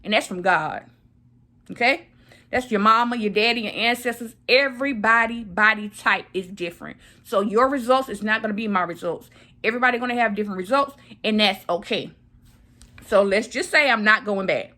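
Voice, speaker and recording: Bright-voiced woman telling her story. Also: mid-range voice, normal speed. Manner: animated, repeats phrases for emphasis. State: recovering from surgery. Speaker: vlogger. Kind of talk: casual storytelling to camera.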